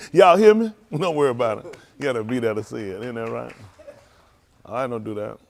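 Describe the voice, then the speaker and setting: A man's voice: mid-range voice, fairly even intonation, brisk, vocal fry, slight background noise. A man, a preacher bantering and joking with his congregation in a casual, folksy way. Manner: folksy, joking, calls out to the crowd.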